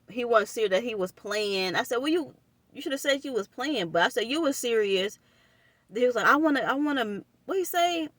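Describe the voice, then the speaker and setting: A young woman, telling a personal story to her viewers in an animated, casual way and calling them y'all. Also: mid-range voice, no echo.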